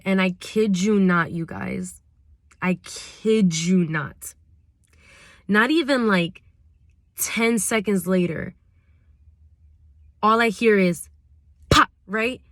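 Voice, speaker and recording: A woman's voice: mid-range voice, no echo, studio quality. A young woman vlogger telling a storytime tale in casual slang, full of fillers. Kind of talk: storytime vlog.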